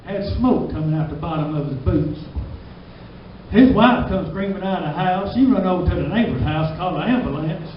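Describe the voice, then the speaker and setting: A man's voice: high-pitched, expressive, brisk, slight background noise. A man with a Southern US drawl doing a stand-up comedy set in a small club, laughing at his own jokes. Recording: distant, dull, echoey club recording.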